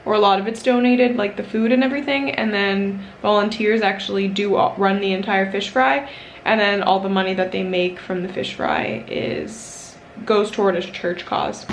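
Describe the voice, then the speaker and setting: A woman's voice: medium pitch, expressive, moderate pace, slight background noise. A young woman chatting casually to her camera, rambling with lots of fillers and self-mocking asides. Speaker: vlogger. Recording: roomy echo.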